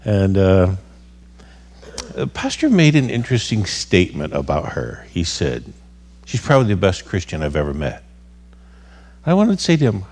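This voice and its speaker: A man with a very low voice preaching as a guest speaker. He tells his story in a conversational, wry way, his pitch swinging lively. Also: normal speed, long pauses, in a large hall. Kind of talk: sermon storytelling.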